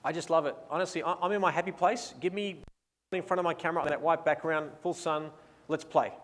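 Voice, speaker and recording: A man's voice: a little high, steady tone, a little fast, fairly bright tone. Australian man presenting in a reverberant hall. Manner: enthusiastic, casual and playful. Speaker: photography seminar presenter. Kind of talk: seminar talk with live posing direction.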